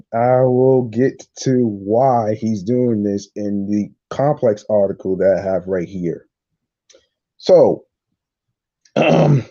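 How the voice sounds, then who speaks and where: A man hosting a casual solo podcast, reading news aloud haltingly, repeating words and adding his own reactions. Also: on the low side, dark tone, highs cut off. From New York. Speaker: podcast host.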